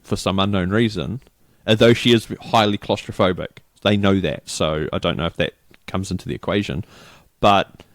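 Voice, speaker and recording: A man's voice: low voice, steady tone, moderate pace, few pauses, no room sound, clean studio sound. A middle-aged New Zealand man chatting casually as a podcast co-host, rambling through a story and acting out the people in it. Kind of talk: casual chat.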